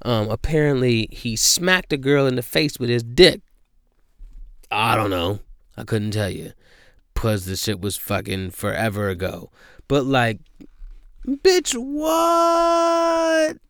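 A man's voice: lowish voice, a little slow, no echo, clean studio sound. Profane man ranting from his car. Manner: loud, profane, incredulous ranting. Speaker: podcast host. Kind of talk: casual solo podcast rant. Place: inside a car.

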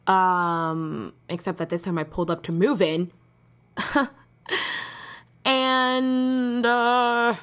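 A woman's voice: mid-range voice, little pitch movement, extremely slow, long pauses, fairly bright tone, clear, resonant tone. A young woman hosting her own podcast, telling rambling stories in casual chat and laughing often. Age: young adult. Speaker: podcast host. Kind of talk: casual solo podcast storytelling.

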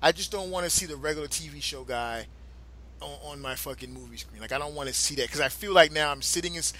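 A man hosting a casual podcast chat, loud and emphatic, swearing often and breaking into laughs. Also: a little high. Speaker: podcast host.

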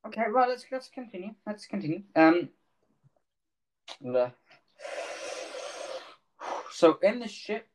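A man's voice: sits high, very animated, slow pace, long pauses, poor audio. A man narrating as game master of a tabletop game, rambling and often correcting himself mid-sentence.

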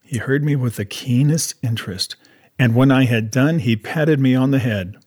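A man reading a classic adventure novel aloud as first-person audiobook narration, in a measured, even storytelling manner. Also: medium pitch.

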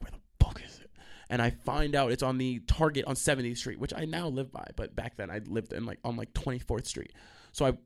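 A young man hosts a solo storytime podcast. He swears constantly and jumps from one tangent to the next. His voice sits slightly high for a man. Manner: profane, animated, sidetracked storytelling. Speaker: podcast host.

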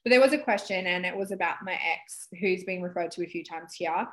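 A woman's voice: fairly low pitch, brisk, a bit bright, low-quality recording. Candid, sweary woman podcast host. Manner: candid, emotional, swears freely. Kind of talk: casual podcast chat.

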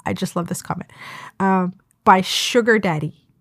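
A woman's voice: mid-range voice, normal speed, dry recording, studio quality. A woman co-hosting a podcast, chatting casually and reading viewer comments aloud with playful emphasis. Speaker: podcast co-host. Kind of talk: casual chat.

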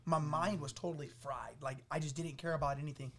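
A man from the Los Angeles area telling his testimony as a podcast guest, acting out what people said to him in an animated way. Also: a little high, fast. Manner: animated, acts out quoted voices, laughing through funny parts. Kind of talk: storytelling testimony.

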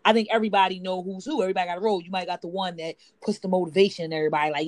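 A woman's voice: lowish voice, fairly even intonation, rapid-fire, hardly any pauses, dry recording. Woman co-host with AAVE speech, rambling storyteller, dry room. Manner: storytelling, rambling with many fillers. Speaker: podcast co-host. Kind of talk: casual chat.

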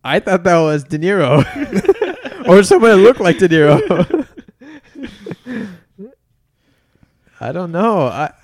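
A man's voice: sits high, huge pitch swings, takes it slowly, long pauses, no room sound. A young man co-hosting a casual movie podcast, joking and laughing often. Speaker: podcast co-host.

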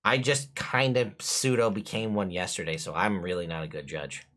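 A man's voice: deep voice, steady tone, moderate pace, fairly bright tone. A man narrating a tabletop game as game master, in a casual, jokey way.

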